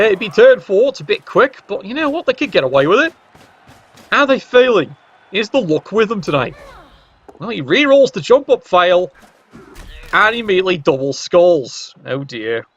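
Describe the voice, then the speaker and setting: High-voiced guy calling a match, cracks dry jokes, kinda muffled lo-fi audio. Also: a bit bright. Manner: wry, joking asides. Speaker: game commentator. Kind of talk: play-by-play commentary. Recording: dull lo-fi recording.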